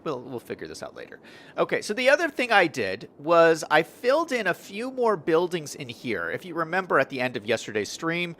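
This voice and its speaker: A man's voice: a little high, wildly swooping pitch, a little fast, fairly bright tone, a little hiss or hum. A young man casually commenting on his city-building game and reading chat messages during a live stream. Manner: chatty, upbeat, reads out chat messages.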